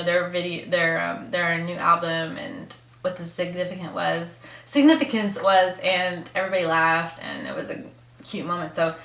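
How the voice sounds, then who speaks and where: A woman's voice: fairly low pitch, vocal fry, a bit bright. Gushing young woman vlogger, echoey room. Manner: gushing fangirl, lots of "like" and laughs. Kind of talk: excited casual storytelling.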